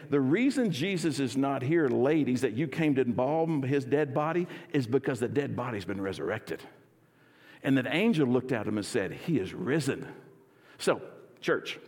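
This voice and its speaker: Energetic pastor in a reverberant church. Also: male voice, mid-range voice. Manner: energetic, leads congregation in call and response. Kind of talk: sermon. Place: church sanctuary.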